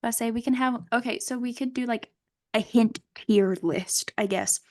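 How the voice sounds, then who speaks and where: A woman's voice: a little high, moderate pace, darkish tone, dry recording, studio quality. A young woman co-hosting a podcast, talking hesitantly with lots of fillers and the odd giggle. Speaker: podcast co-host. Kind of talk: casual chat.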